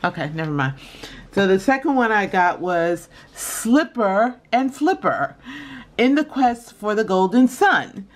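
A woman chatting casually in a shopping haul video, calling her viewers y'all and often breaking into high laughter. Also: very animated, unhurried. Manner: chatty and giggly, addresses viewers as y'all and you guys. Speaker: vlogger showing a shopping haul.

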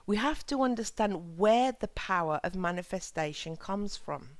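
A woman of middle pitch hosts her own spiritual channel, speaking sincerely and with soft, measured emphasis. She moves between her own reflections and scripture passages. The sound is dry and close, with no room echo. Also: lively intonation. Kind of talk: earnest spiritual talk and scripture reading.

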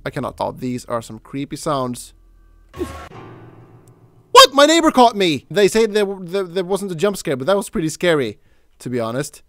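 A man commentating his horror gameplay casually, jumpy and swearing, shouting at the game character. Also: on the high side, no room sound. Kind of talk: casual let's play commentary.

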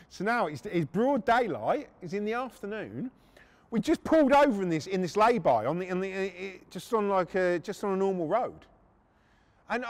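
A man tells a rough, profane story on his podcast, his voice pitched high and swinging widely as he acts out each moment. He gasps, shouts and laughs his way through the tale. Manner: animated and crude, acting out moments with gasps and shouts. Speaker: podcast host telling stories. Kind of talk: casual storytelling.

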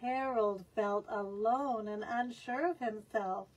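High-voiced woman reading a children's story. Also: slow, distant mic, muffled recording. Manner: expressive, asks the listening children questions. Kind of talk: storytime read-aloud.

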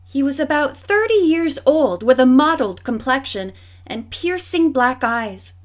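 A woman's voice: sits high, expressive, measured pace. A woman reading an audiobook, voicing a determined, observant young woman detective. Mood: earnest. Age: young adult. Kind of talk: audiobook character voice.

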